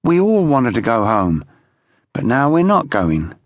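A man's voice: medium pitch, wildly swooping pitch, a little slow, no echo, clean studio sound. A man voicing a weary young soldier. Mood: weary coaxing. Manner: gruff, pleading, fatherly.

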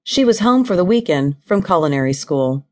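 A woman narrates an audiobook in a low, steady voice. Her storytelling is even and measured, carrying the scene along without hurry. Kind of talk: scripted narration of a novel.

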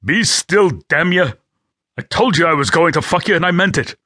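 Brief: a male narrator doing a violent young Scottish thug with a deep burr, raised voice, snarling, bright and tense. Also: animated, moderate pace, breathy edge, no echo, clean studio sound, full character voice. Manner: snarling and aggressive.

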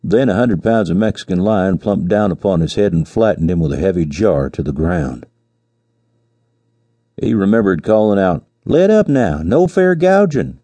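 A man narrating a classic short story as an audiobook, in a measured storytelling manner. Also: low voice, mellow, no echo. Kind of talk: scripted narration.

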